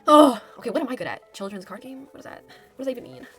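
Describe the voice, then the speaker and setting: A woman's voice: fairly high pitch, big pitch swings, racing, a little mellow, faint music behind. A young woman chatting casually while reading a game's story aloud, giggly and full of fillers. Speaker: gamer. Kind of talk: let's-play commentary, reading game text aloud.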